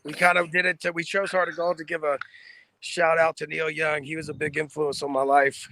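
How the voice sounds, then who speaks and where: A man in a band rambles thoughtfully in casual talk. His voice is bright, a touch high, with a gravelly edge. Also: flat delivery, fairly quick, a little hiss or hum. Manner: rambling, reflective. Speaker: band member. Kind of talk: casual chat.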